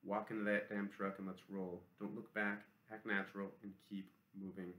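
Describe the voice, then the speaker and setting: A man's voice: sits low, little pitch movement, moderate pace, pushed and bright. A man voicing a teenage boy leader, giving clipped, urgent orders in a roomy echo.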